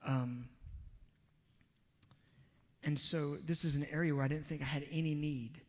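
A man's voice: a little high, steady tone, a little slow. Earnest male preacher in reverberant hall. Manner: earnest, confessional storytelling with soft asides. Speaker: pastor. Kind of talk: sermon with personal story.

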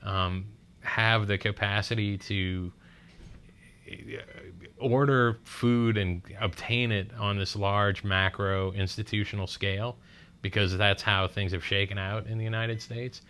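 A man's voice: lowish voice, steady tone, unhurried, fairly bright tone, smooth. A man on a podcast, recorded in a hospital room, ranting in casual, profane, emphatic chat.

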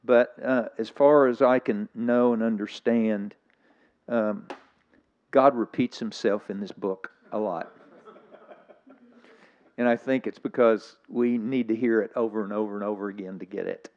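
An older man delivers a sermon, reflective and a bit tearful, his voice sitting lowish in pitch. The recording sounds muffled and lo-fi, as if captured in a church. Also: fairly even intonation, a little slow, darkish tone. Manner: reflective, emotional, slightly weepy. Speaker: guest preacher.

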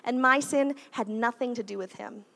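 A woman's voice: a little high, moderate pace, creaky, pushed and bright. A woman in her thirties, a guest preacher giving a conversational sermon in a church, with frequent "like" and "right?" asides. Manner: chatty, uses "like" and "right?" often.

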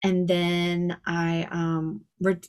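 A woman in her forties, telling stories as a guest in a casual podcast interview, chatty and quick to laugh. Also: fairly low pitch, flat delivery, a little mellow, clean tone. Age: 40s. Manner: chatty, laughs often, storytelling. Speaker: guest style coach.

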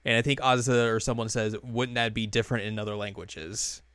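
Man, casual co-host, smooth clear voice, dry close sound, rambling recap style. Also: medium pitch, steady tone, fairly bright tone, no echo. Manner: loose and rambling, many fillers and quick quoted voices, laughs often. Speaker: podcast co-host recapping an anime episode. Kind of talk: casual chat.

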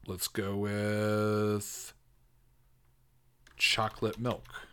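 Man, excitable, casual host, laughs and swears, keyboard typing behind. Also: on the low side, drawn-out words, smooth. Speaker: podcast host. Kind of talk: casual commentary while typing prompts.

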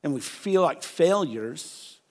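A pastor delivering an impassioned sermon. He swings from hushed, quiet stretches to loud, emphatic peaks. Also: a little high, expressive, slow. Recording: long hall reverb.

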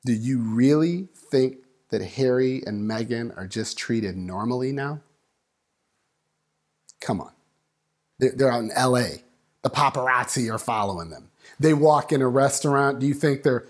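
A man preaching a sermon, building up and dropping to a hush, acting out voices in the story. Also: mid-range voice, expressive, unhurried, pauses often. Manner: dynamic preaching, swings from loud to hushed. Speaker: pastor.

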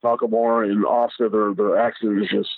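A man's voice: on the low side, little pitch movement, fairly quick, dry recording. Stammering man on a tinny line. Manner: stammering, repeats words. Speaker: podcast co-host. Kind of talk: casual chat. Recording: tinny phone-line sound.

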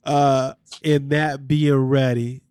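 A man's voice: medium pitch, level tone, takes it slowly, darkish tone, smooth, no echo, clean studio sound. A man hosting a podcast, recapping reality TV in a candid, slangy way with asides to his listeners. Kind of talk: casual chat.

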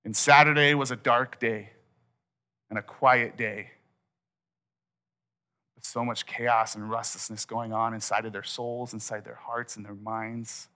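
A man's voice: on the low side, fairly even intonation, unhurried, pauses often, sharp tone. A man preaching a sermon to his congregation, retelling stories in a casual way and acting out the people in them. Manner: casual storytelling, acts out voices. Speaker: pastor.

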